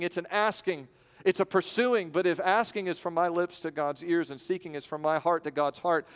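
A man preaching a sermon, his voice smooth and resonant and pitched a little high. He builds slowly with long pauses and sometimes acts out the voices in the stories he tells. His words ring out in a long church reverb. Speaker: pastor. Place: church sanctuary.

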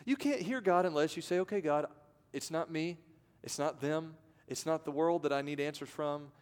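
A man pastor preaching a sermon, swinging from loud to hushed and acting out voices. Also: on the high side, normal speed, clean tone. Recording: long reverb of a large hall.

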